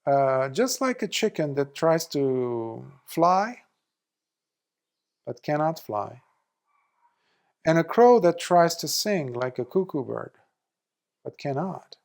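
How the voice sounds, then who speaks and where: A man's voice: slow pace, gravelly, long pauses. A man, a Buddhist monk, giving a storytelling Dharma talk and acting out the people in the tale. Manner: animated storyteller, acting out quoted speakers with big jumps in pitch and loudness.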